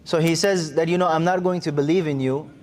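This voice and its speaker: A man preaching in a mosque, telling a story quickly and acting out the quoted speech. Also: a little high, steady tone, a little mellow. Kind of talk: sermon.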